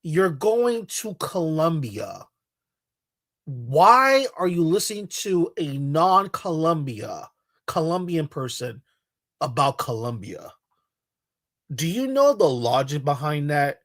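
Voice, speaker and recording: A man's voice: a little high, sing-song, slow, fairly bright tone, no echo, studio quality. A man giving casual reaction commentary in a blunt, mocking, exasperated way.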